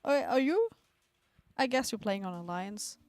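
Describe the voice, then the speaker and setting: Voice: medium pitch, big pitch swings, unhurried, darkish tone, dry recording. A stream co-host talking straight to the chat, teasing and upbeat. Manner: teasing, talks to chat directly. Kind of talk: casual live-stream chat.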